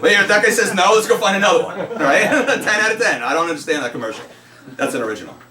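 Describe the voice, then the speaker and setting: Joking arcade host man, lively pitch, bright tone, roomy echo, distant mic. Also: quick pace. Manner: joking, laughing, animated. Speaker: arcade owner and podcast host. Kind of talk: casual podcast chat, joke telling. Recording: roomy hall, distant mic, faint noise.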